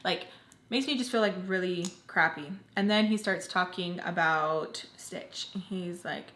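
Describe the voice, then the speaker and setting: Young woman vlogger, casual storytime, lower voice, lots of "like", roomy echo. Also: unhurried, fairly bright tone. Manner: chatty, filler-heavy with constant "like". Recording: echoey room.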